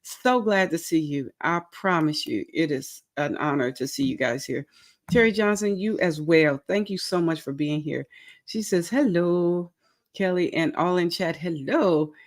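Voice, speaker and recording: A bubbly woman hosts a relaxed crochet livestream. She chats casually, greets each viewer warmly and reads their messages aloud. She is tired but playful and self-mocking, and giggles a lot. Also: low voice, moderate pace.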